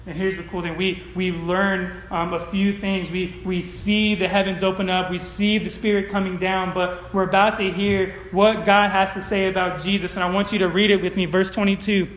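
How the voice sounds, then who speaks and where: A man's voice: sits high, little pitch movement, moderate pace, hardly any pauses, fairly bright tone. A male pastor preaching a sermon to a congregation, moving from earnest storytelling to emphatic declarations. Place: church sanctuary with congregation. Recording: roomy church echo.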